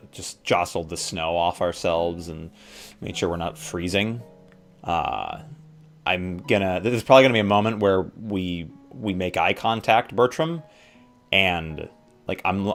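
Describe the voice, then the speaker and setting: A man playing a tabletop role-playing game, describing his character's actions eagerly with fillers. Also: deep voice. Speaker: player.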